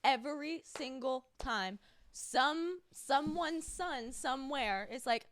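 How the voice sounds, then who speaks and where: A woman's voice: high-pitched, lively intonation, slow, a bit bright, no room sound. A woman from North Carolina co-hosting a casual podcast chat, drawing out her words and saying "like" a lot. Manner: drags out her words, chatty with frequent "like". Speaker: podcast co-host.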